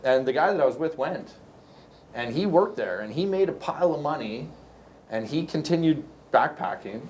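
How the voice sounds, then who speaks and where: Guesting on a podcast, a middle-aged man from Canada who owns a construction company rambles casually through work anecdotes, restarting often. His voice is on the high side, expressive and a little mellow, at a moderate pace, with slight background noise.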